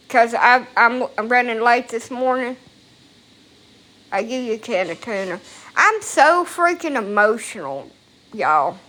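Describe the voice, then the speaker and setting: A woman's voice: on the high side, expressive, unhurried, sharp tone. A woman talking casually into a phone at home, rambling and emotional, with frequent swearing. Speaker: vlogger. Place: at home, indoors.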